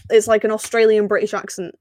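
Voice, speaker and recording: A woman's voice: medium pitch, level tone, quick pace, a little mellow, no echo. A woman co-hosting a podcast in casual chat, talking freely and laughing often. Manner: chatty, laughing often, lots of fillers. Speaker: podcast co-host.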